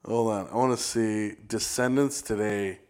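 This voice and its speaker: A man's voice: lowish voice, steady tone, clear, resonant tone. A man co-hosting a casual podcast chat, laid-back and swearing often. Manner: slow, laid-back, swears and says "dude" a lot. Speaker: podcast co-host.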